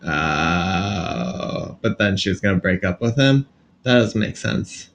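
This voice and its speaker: A man's voice: deep voice, expressive, slow pace, gravelly, a bit bright, slight background noise. A man co-hosting a podcast, chatting casually and cracking sarcastic jokes. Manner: joking, sarcastic. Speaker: podcast co-host. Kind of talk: casual chat.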